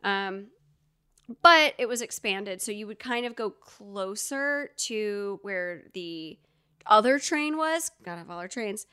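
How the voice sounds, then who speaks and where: A woman from Georgia co-hosts a podcast, chatting casually and telling stories crowded with fillers and asides. Her medium-pitched voice is expressive, slow, bright, and smooth, with a forceful tone.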